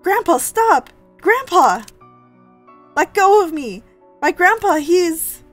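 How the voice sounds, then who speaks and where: A woman voicing a distraught young woman chasing her grandfather, pleading and shouting. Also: very high voice, big pitch swings, takes it slowly, faint music behind, voice pushed up, full character voice. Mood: desperate.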